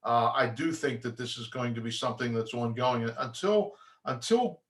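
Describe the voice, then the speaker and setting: Man explaining mold testing casually. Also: mid-range voice. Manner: conversational, with filler words and restarts; acts out lab replies in quick asides. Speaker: mold inspector.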